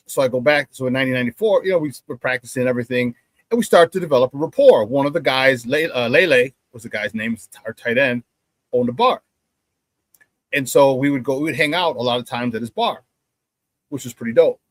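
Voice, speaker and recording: A middle-aged man hosting a sports talk show, telling stories with animated energy and acting out the banter he remembers. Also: medium pitch, brisk, no echo. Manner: animated storyteller, acts out quoted banter loudly, laughs often.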